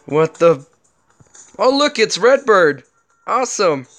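A man doing let's play commentary, excitable and joking, swearing often. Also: high voice, slow pace, soft background music. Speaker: gaming commentator.

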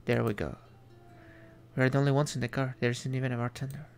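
Reading an indie game's text aloud while streaming it, a man keeps a measured, reflective delivery with small asides. He speaks in a level, mid-range voice over soft background music.

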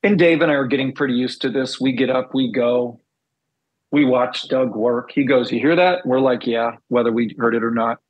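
A middle-aged man, a former band bassist, telling stories in a casual interview and acting out the dialogue he recalls. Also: normal speed, dull audio. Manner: animated storyteller, acts out quoted dialogue.

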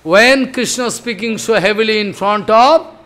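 A man's voice: sits high, a little slow, fairly bright tone. An older man giving a devotional discourse, chanting verses and explaining them with repeated emphatic phrases. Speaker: spiritual teacher.

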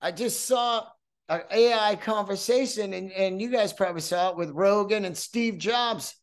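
A man's voice: high-pitched, moderate pace. A man in his fifties hosting a solo podcast, telling rambling, profane stories and acting out voices along the way. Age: 50s. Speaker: podcast host.

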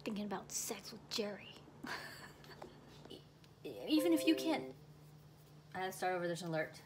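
A woman's voice: medium pitch, big pitch swings, normal speed, roomy sound, noisy background. A young woman directing and acting in a film in a small apartment, chatting casually between takes and laughing at herself, recorded on a phone camera. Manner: giggly, self-deprecating asides. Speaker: actress and director. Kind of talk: casual behind-the-scenes chat.

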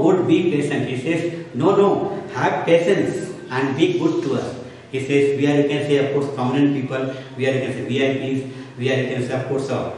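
A man teaching a literature class, explaining each line slowly and repeating himself as he paraphrases. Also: mid-range voice, a little mellow. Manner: repeats and paraphrases constantly, filler phrase after nearly every clause. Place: school classroom. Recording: echoey room, mic far off, faint noise.

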